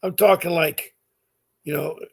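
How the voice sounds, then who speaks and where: A man's voice: on the high side, fairly even intonation, a little slow, vocal fry, breathy edge. A middle-aged man talking straight to his viewers, giving earnest, insistent advice that repeats its points, with many fillers. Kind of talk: direct-to-camera advice talk.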